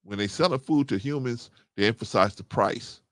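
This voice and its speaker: A middle-aged man, hosting a casual livestream, reading chat and getting animated as he agrees. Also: normal speed, no echo, clean studio sound. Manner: animated, rising to excited high pitch when agreeing. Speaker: host.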